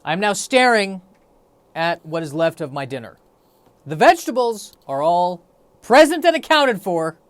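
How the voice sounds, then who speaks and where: A man's voice: high voice, sing-song, unhurried, a bit bright, no room sound. A man hosting a solo podcast, rambling in a wry, self-deprecating way. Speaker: podcast host. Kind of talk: solo comedic podcast monologue.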